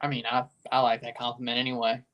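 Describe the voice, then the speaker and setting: A woman's voice: extremely low pitch, quick pace, lo-fi sound. Opinionated woman reacting to a live match. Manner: casual, opinionated, bursts into excited shouts. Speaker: watchalong host.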